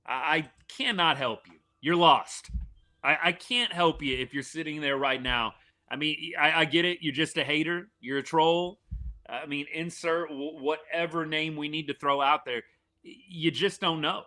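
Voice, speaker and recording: At a moderate pace and fairly high pitch, a man runs a live reaction stream for a college football game. He comments casually and animatedly from a partisan fan's view, restarting often.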